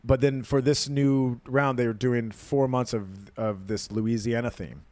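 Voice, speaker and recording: A man's voice: mid-range voice, fairly even intonation, measured pace, darkish tone, dry recording. A man co-hosting a podcast in casual chat, jumping in to add details and finish the stories. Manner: chatty, jumps in and finishes stories. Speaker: podcast co-host.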